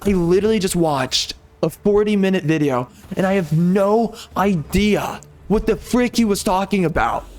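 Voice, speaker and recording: A man's voice: sits high, a little mellow. A man giving casual gameplay commentary as a video creator, ranting in frustration with frequent mild cursing.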